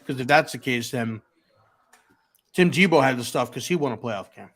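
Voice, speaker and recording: A man's voice: medium pitch, normal speed, a bit bright. A man co-hosting a casual sports talk show, arguing his point with frequent restarts. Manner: argumentative, stammering restarts. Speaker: podcast co-host.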